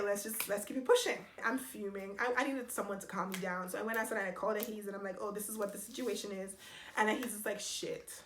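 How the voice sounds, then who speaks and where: Young woman vlogger ranting thru a storytime, bright tense voice, echoey room w faint hiss. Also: medium pitch. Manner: animated, exasperated storytelling, addressing viewers. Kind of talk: storytime vlog.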